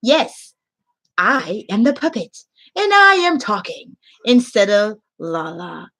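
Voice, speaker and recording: A woman voicing a cheerful, childlike hand puppet in a slow, sing-song voice, speaking with barely moving lips. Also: medium pitch, animated, creaky, bright, forceful tone, full character voice. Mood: chirpy. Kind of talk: puppet demonstration.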